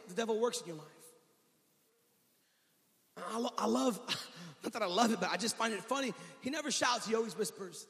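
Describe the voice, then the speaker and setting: High-voiced, energetic man preaching a sermon. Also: brisk, gravelly. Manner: energetic preaching, shouting peaks and dropping to quiet asides. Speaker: pastor. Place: church sanctuary. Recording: long hall reverb.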